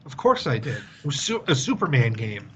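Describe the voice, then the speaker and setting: A young man co-hosting a gaming podcast in casual chat, delivering dry, deadpan, crude jokes. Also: mid-range voice, normal speed, breathy edge. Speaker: podcast co-host. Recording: dull remote audio with faint noise.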